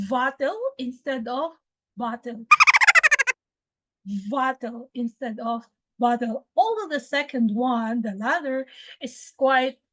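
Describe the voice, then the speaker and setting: A woman from the Philippines with a Filipino accent, teaching English pronunciation slowly and deliberately, repeating words for drills. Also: high voice, no room sound, rough recording. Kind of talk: pronunciation lesson.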